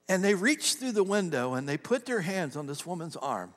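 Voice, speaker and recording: A man preaching a sermon as a pastor, animated, moving between loud emphasis and soft storytelling. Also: high-pitched, moderate pace, few pauses. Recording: long hall reverb.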